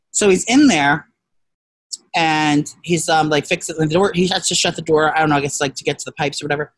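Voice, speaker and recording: A casual, profane storyteller who rambles with many restarts and shouted quotes. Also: male voice, high voice, no room sound. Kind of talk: casual chat.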